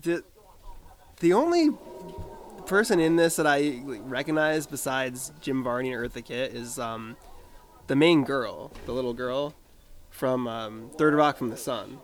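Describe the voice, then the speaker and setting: A man co-hosting a casual movie podcast, talking in a relaxed, dry way. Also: mid-range voice, a little slow. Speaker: podcast co-host. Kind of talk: casual movie review chat.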